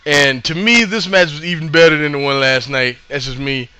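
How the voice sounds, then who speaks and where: A man casually recapping a live show he attended, rambling and excitable with lots of fillers. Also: on the high side, normal speed.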